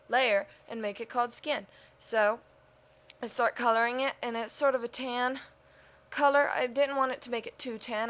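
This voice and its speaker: A woman's voice: mid-range voice, fairly bright tone. A woman giving a casual, rambling voice-over for her speed-drawing video, chatty and self-mocking, talking to herself as she goes. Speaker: video creator.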